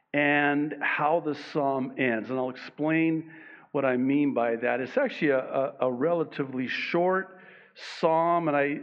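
Slow, emphatic preaching man, lo-fi. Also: fairly high pitch. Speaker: pastor. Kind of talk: sermon. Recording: dull lo-fi recording.

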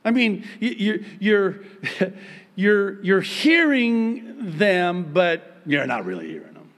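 A man preaching a sermon as pastor, with emphatic, raised high-pitched points broken by quiet, joking asides. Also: big pitch swings, takes it slowly. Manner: humorous, self-deprecating asides.

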